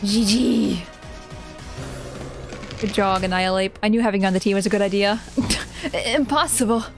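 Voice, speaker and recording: A young woman streaming a video game live, reacting out loud with giggles and emotional comments. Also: medium pitch, normal speed. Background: faint game music.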